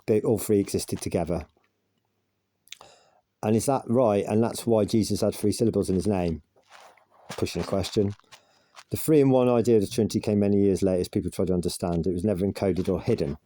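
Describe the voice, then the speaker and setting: A man's voice: lowish voice, mellow, no echo. A man casually recounting an argument with an AI, rambling and pushing back. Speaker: vlogger.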